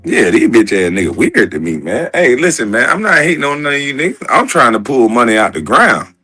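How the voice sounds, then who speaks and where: A man's voice: medium pitch, very animated, a little fast, pushed and bright, husky. A man hosting a casual livestream, talking loosely with a lot of swearing and joking. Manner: loose, profane, joking and laughing. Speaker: livestream host.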